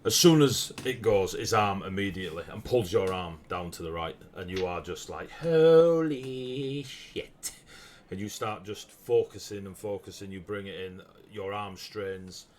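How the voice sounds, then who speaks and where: A man running a tabletop game as game master, narrating the scene with a lively manner and frequent laughs. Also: low-pitched, normal speed, few pauses, a little hiss or hum. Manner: lively, laughs often, bursts into shouted character lines.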